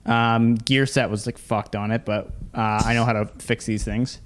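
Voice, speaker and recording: A man's voice: mid-range voice, little pitch movement, normal speed. Joking young man telling stories. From Canada. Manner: joking, tells stories with quoted voices. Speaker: podcast co-host. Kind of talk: casual chat.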